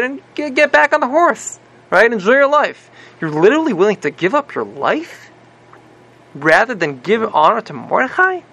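A man teaching a casual religious class, retelling a story in an animated way and constantly checking in with "right?". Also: high-pitched. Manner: animated, repeats "right?" constantly, many restarts.

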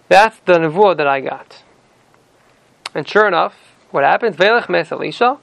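With a high, gravelly, fairly bright voice and lively intonation, the man talks fairly quickly as he teaches a student a scripture text. He reads verses in Ashkenazi-style Hebrew and then retells them in everyday English, on a rough, dry recording.

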